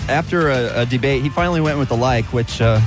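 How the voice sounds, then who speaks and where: A man's voice: medium pitch, quick pace. A man co-hosting a live radio countdown, joking his way through on-air mistakes. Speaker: radio DJ co-host. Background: music.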